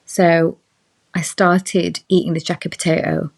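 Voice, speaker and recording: A young woman recounts a personal story in relaxed podcast chat, her voice sitting a touch low. She acts out the people she quotes, shifting her tone for each, and keeps an easy conversational flow. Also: a little slow, vocal fry. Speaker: podcast guest. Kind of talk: casual chat.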